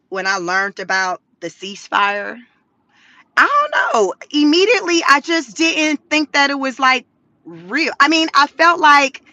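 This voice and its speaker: Bright, high-voiced woman vlogging. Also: no room sound, rough recording. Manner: animated, slangy, laughing asides. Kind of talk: casual commentary. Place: in a car.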